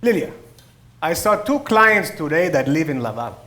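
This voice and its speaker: A man's voice: a little high, very animated, normal speed, bright, forceful tone, echoey room. A man playing an Italian immigrant father. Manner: teasing, exclaiming with Italian phrases. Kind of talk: stage play acting.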